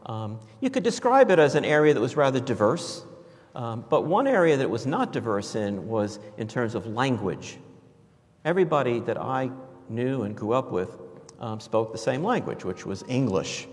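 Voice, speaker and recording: A man's voice: mid-range voice, sing-song, normal speed, in a large hall. A man from New York giving a storytelling homily in a conversational, reflective way, with frequent fillers and restarts. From New York, USA. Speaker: preacher.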